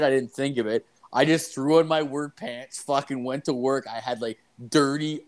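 A young man telling a crude story in casual chat, swearing constantly and rambling as he acts out what people said. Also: medium pitch. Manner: profane, rambling, acts out quotes.

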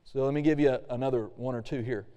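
A man's voice: medium pitch, steady tone, fast, warm tone, lo-fi sound. Man preaching in a reverberant hall. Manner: casual preaching with reading aloud and acted-out quotes. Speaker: pastor. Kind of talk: sermon.

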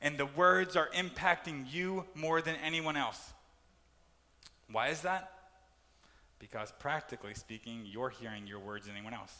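A man preaching a sermon as pastor, animated and acting out complaining voices. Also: mid-range voice, normal speed, in a large hall.

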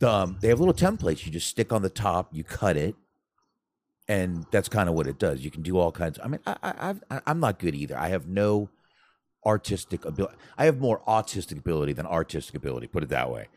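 Deep-voiced, animated joking man. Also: fairly quick, no room sound. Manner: rambling, joking, self-deprecating; salty, profane humor. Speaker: podcast co-host. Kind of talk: casual chat.

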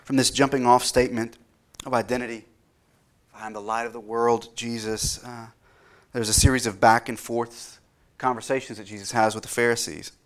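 A man's voice: medium pitch, fairly even intonation, moderate pace. A man in his thirties, a pastor delivering an earnest sermon that rises in intensity when he quotes scripture.

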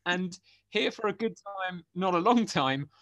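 A young man co-hosts a casual podcast from home, ranting in an animated, incredulous way. His voice sits a little high and leaps up and down constantly. The sound is close and dry, with no room around it. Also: unhurried, no echo. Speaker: podcast co-host. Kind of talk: casual chat. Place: home in Exeter.

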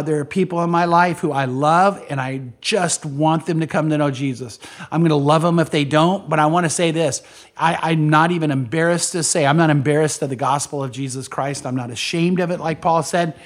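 A man preaching as a pastor on a podcast, earnest and repeating key lines for emphasis. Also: on the high side. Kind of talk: podcast sermon.

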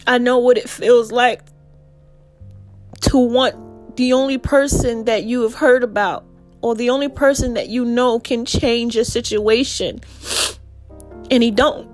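Slow, heartfelt woman preaching a sermon. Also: a little high, steady tone, faint music behind. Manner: slow, heartfelt, reading scripture aloud.

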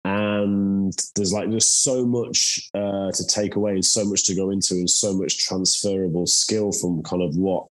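A man with an English accent hosting a podcast, talking in a relaxed, casual way with swearing and many fillers. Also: low voice, unhurried, few pauses. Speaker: podcast host.

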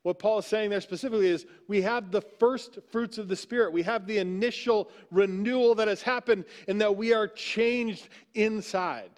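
High-voiced man preaching conversationally. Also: moderate pace, hardly any pauses. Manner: conversational preaching, frequent "right?" asides. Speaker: pastor. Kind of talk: sermon. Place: church sanctuary.

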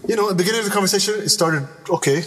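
A man's voice: high-pitched, rapid-fire, a bit bright, long reverb tail, recorded from a distance. A young man from Canada telling a personal story in casual podcast chat, rambling with many restarts and asides.

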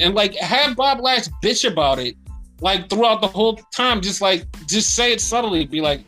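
A man's voice: high voice, expressive, moderate pace, pushed and bright, faint music behind. A man co-hosting a podcast, chatting casually and animatedly about wrestling, swearing often and acting out rants. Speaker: podcast co-host.

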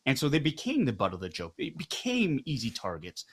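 A middle-aged man speaks as an interview guest. His pitch sits in an ordinary middle range, and he argues with energy, throwing out rhetorical questions and tagging his points with "right?". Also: wildly swooping pitch, a little fast, husky. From Canada. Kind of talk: candid conversational interview.

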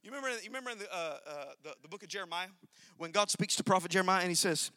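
A male preacher with a very high, bright, forceful voice, recorded dry and close. He preaches in a sing-song cadence that swells into shouting and drops to near-whispered asides. He keeps putting questions straight to the congregation. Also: very fast, no room sound. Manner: swings between loud, sing-song shouting and low, quiet asides; addresses the congregation directly with call-and-response questions. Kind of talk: sermon.

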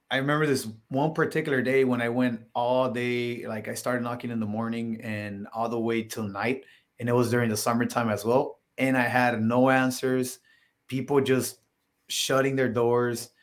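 A man chatting as a podcast guest, telling his stories loosely with many fillers. He gets livelier whenever he quotes what he said or thought. His pitch sits in an ordinary middle range. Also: normal speed. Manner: filler-heavy, animated when quoting himself. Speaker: podcast guest, solar salesman. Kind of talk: casual interview storytelling.

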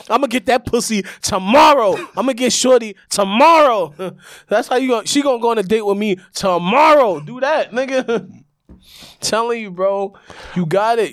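A loud man, his voice pitched a little high and recorded dry and close. He talks in a lively, boastful way, egging on a friend in casual podcast chat. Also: dry recording. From Brooklyn, New York. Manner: loud, animated, coaching a friend. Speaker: podcast co-host.

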